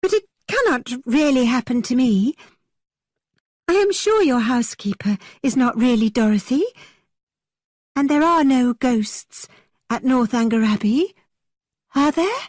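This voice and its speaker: A woman voicing an excitable, nervous young woman with a high, trembling voice. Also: unhurried, long pauses, no echo, studio quality. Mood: anxious.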